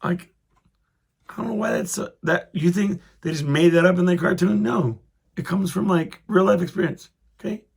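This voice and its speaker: A man's voice: sits high, moderate pace, gravelly, husky. A man hosting his own podcast, telling a rambling story in a casual, self-interrupting way and chuckling as he goes. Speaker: podcast host.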